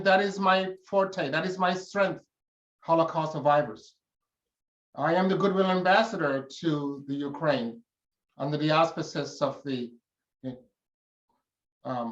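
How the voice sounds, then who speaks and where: A man's voice: fairly high pitch, fairly bright tone. A man giving a formal public talk as guest speaker, solemn and emotional, in an oratorical manner. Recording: echoey room, dull lo-fi sound.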